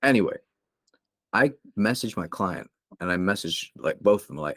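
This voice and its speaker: A young man from England, a guest on a podcast, talks candidly about hard times in his life. His voice sits very low, and the close, dry recording keeps every word near. He rambles a little, with fillers and restarts. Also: animated, moderate pace, fairly bright tone, no room sound. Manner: open, emotional, rambling with many fillers. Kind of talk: candid interview storytelling.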